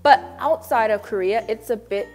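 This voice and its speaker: A woman's voice: on the high side, normal speed, a little mellow, faint music behind. A young American woman vlogging casually to camera, chatty and slangy, mimicking people she quotes. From United States. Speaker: vlogger living in Korea. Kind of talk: casual vlog talk to camera.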